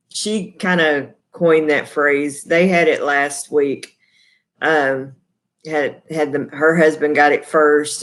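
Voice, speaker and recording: A middle-aged Texan woman hosting a casual live stream from her kitchen table. She talks in a chatty, folksy, rambling way with lots of fillers, picked up by her laptop's microphone. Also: low voice. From Texas. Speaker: livestream host. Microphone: laptop built-in mic.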